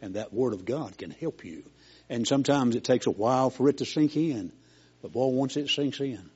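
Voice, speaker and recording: A man's voice: medium pitch, animated, normal speed, darkish tone, breathy edge, highs cut off. An older man preaching a sermon in a folksy, homespun storytelling way, as a preacher.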